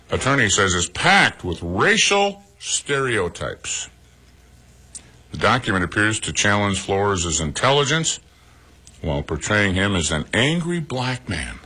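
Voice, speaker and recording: A man's voice: fairly low pitch, bright, forceful tone, husky. A man hosting a radio morning show, reading sports news and adding chatty opinions of his own. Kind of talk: sports news read with casual commentary.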